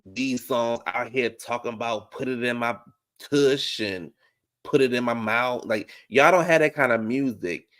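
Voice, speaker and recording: A man rants bluntly and drives each point home by repeating it. His pitch is middle and his tone conversational. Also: unhurried, a bit bright. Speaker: podcast co-host. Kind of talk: casual commentary chat.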